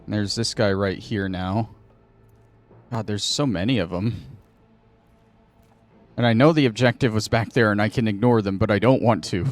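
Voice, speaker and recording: A man's voice: on the low side, moderate pace, pauses often, no room sound. A man hosting a gaming channel, thinking aloud and muttering to himself in casual commentary while he plays.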